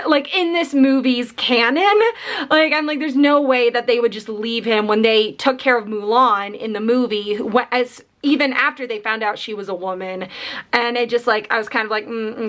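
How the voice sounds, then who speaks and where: High-voiced young woman ranting about books. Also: normal speed. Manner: animated, many fillers, exasperated rants. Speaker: book vlogger. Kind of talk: casual chat.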